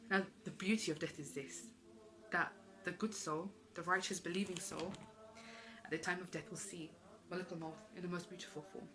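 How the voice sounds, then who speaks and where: A woman's voice: on the low side, steady tone, a little fast, over music, low-quality recording. A woman giving an earnest, emotional religious talk, repeating phrases for emphasis. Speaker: Islamic speaker.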